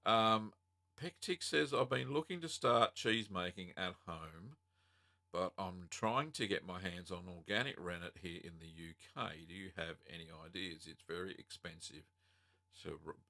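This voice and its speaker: An Australian man with a low voice and a bright, forceful edge to his tone. He hosts a casual live-stream Q&A from home. He reads out viewer questions and chats through his answers with plenty of ums and uhs. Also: unhurried. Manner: relaxed and chatty, many ums and uhs, reads out chat comments.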